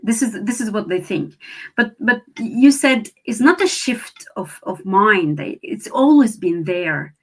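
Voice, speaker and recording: A woman's voice: medium pitch, lively intonation, unhurried, slightly rough. A woman from Syria, a researcher and therapist, speaking as an interview guest with many restarts and fillers. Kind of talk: interview conversation.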